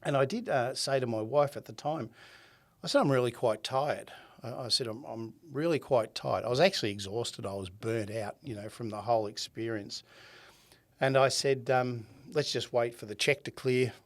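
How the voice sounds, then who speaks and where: A man's voice: mid-range voice, moderate pace. A man in his seventies with an Australian accent, a podcast guest who tells his story with energy, acting out quoted dialogue and often laughing. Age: 70s. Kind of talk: conversational storytelling.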